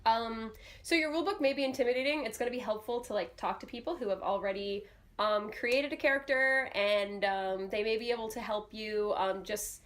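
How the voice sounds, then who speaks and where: Co-host, woman, young adult, slightly high voice, easygoing advice-giver. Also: fairly quick. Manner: chatty, advice-giving, many fillers. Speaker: podcast co-host. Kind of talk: casual podcast chat.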